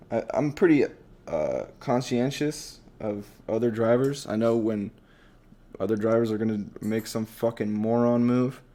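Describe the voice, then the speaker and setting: Animated, profane man ranting casually. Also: mid-range voice. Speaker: podcast host. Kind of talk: casual solo rant.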